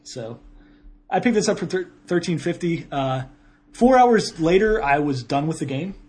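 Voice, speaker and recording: A man's voice: fairly high pitch, expressive, normal speed, darkish tone. Rambling man reviewing games. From Ohio. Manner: rambling, self-correcting, laughs often. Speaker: podcast co-host. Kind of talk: casual game review chat.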